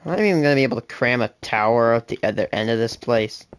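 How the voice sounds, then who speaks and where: Fast-rambling seventeen-year-old streamer. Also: mid-range voice, clear, resonant tone. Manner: fast, rambling self-talk with laughs. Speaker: gaming livestreamer. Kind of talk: casual live gameplay chatter.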